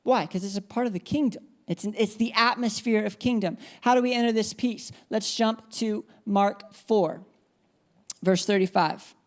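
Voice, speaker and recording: A woman's voice: mid-range voice, normal speed. Woman, preacher, emphatic sermon, repeats key phrases, calls for responses, mid-range voice. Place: church.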